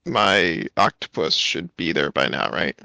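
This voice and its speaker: A man's voice: sits low, animated, a little slow, vocal fry, pushed and bright, no room sound, rough recording. A man playing a tabletop game, laid back with short, terse replies. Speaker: player. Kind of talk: casual tabletop play.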